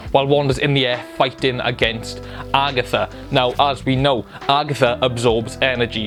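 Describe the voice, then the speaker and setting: A young man retelling a show's finale with breathless excitement. He stays at a medium pitch, slips into little voices for the characters and swears freely. Faint music plays under his voice. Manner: excitable, swears, acts out quotes. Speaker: film review host. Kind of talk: excited casual recap.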